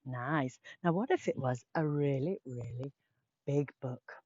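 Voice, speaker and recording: A woman's voice: extremely low pitch, a little slow, darkish tone, dry recording, dull audio. A woman teaching a children's yoga class, playful and sing-song as she leads poses and tells a little story.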